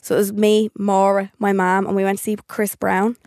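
A woman's voice: mid-range voice, flat delivery, normal speed, a little mellow, dry recording, clean studio sound. A young Irish woman co-hosting a podcast, bantering and teasing in casual chat. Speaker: podcast co-host.

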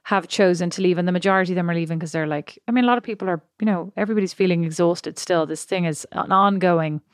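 Quick, questioning woman. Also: on the low side, dry recording, clean studio sound. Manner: probing, questioning interviewer. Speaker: podcast co-host. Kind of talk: casual chat.

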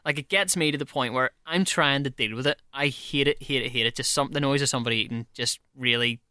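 A man's voice: medium pitch, pushed and bright, smooth, dry recording, clean studio sound. A man hosting a podcast, chatting casually and steering the conversation. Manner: quick, conversational, steers the talk. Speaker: podcast host. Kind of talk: casual chat.

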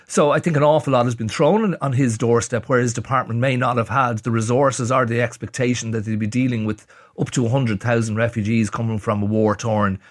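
A man, a newspaper editor on a radio panel, talking in a measured way with frequent restarts. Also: medium pitch, steady tone, no echo, studio quality.

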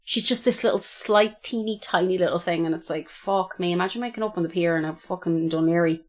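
A woman co-hosts a true-crime podcast in a relaxed, chatty way. Her voice sits slightly low, and she speaks bluntly, swears freely, and keeps acting out what people told her. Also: brisk. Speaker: podcast co-host.

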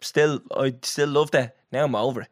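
A young Irish man, co-hosting a podcast with quick, teasing banter. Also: mid-range voice, steady tone, no echo, clean studio sound. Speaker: podcast co-host. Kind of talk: casual chat.

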